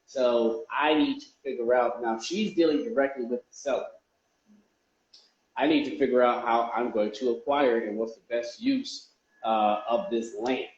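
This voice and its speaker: A man's voice: mid-range voice, moderate pace. Chatty man in an echoey room. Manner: loose, rambling, chatty, with frequent restarts. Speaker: real estate investor. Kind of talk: casual vlog talk to viewers. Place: indoors, a warm room. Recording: echoey room, dull lo-fi sound.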